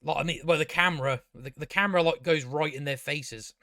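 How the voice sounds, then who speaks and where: A man with a slightly high voice rants in a sarcastic, exasperated way, swearing freely and slipping into mocking impressions. The sound is dry and close, with no room around it. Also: fairly quick, bright, forceful tone, no room sound. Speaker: show reviewer. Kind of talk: casual profane rant.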